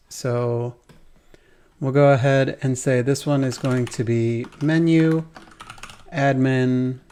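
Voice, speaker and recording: A man's voice: mid-range voice, a little mellow. A man hosting a code-along programming tutorial, thinking aloud as he types, with keyboard typing behind him.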